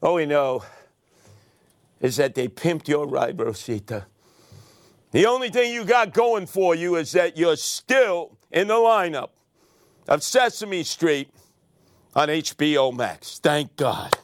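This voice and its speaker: A sarcastic older New man rants solo into a close mic, his fairly high voice leaping wildly between low grumbles and loud outbursts. The sound is bone-dry, with no room around it. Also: animated, slow pace, long pauses, no room sound. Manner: sarcastic, theatrical, swings between muttering and shouting. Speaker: radio commentary host. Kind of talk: opinionated monologue.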